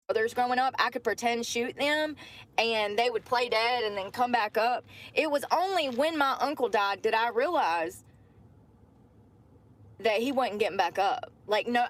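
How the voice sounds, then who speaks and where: Casting: woman, slightly high voice, chatty livestream storytelling, talks straight to viewers. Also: a bit bright. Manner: chatty, addresses viewers as y'all.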